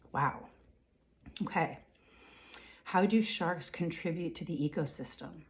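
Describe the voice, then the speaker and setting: A woman with a notably low voice gives a spiritual reading at an unhurried pace. She relays what she senses in halting, repeated words, murmuring her own questions under her breath between them. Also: lively intonation. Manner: halting and repetitive, often softly whispering questions to herself; frequent fillers and throat-clearing. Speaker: intuitive reader.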